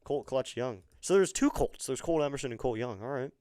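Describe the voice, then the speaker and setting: A man giving excitable live fan play-by-play of a baseball game on his stream, chatting with viewers between pitches. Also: fast talker, dry recording, clean studio sound. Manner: chatty, excitable on big plays.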